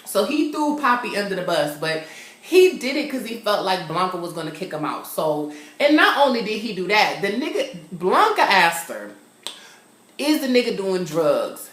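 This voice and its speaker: A young man from California, sassy and animated, casually recapping a TV episode and acting out the characters. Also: high voice, moderate pace. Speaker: TV show reviewer. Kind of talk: casual chat. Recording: roomy echo.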